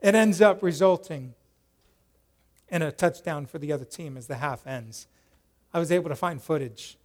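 A man with a high voice delivers a sermon as an animated storyteller. He acts out quoted voices loudly, then sinks to a quiet, prayerful tone. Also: normal speed. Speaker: pastor.

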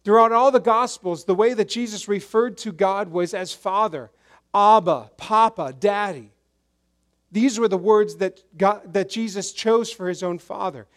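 A man preaching a sermon, swinging between loud emphasis and hushed, quiet lows. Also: a little slow. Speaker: pastor.

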